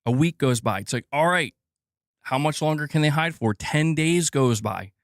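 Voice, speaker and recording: A man's voice: fairly high pitch, moderate pace, no echo, clean studio sound. Ranting male game-news streamer. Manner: animated, swearing, ranting to chat with laughs. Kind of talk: casual live-stream commentary.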